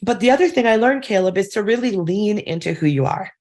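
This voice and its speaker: A woman chatting on a podcast in a candid, self-deprecating way. Her voice sits at an ordinary middle pitch. She speaks in a loose, conversational manner. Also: lively intonation, brisk, a little mellow. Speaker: podcast guest. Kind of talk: casual podcast chat.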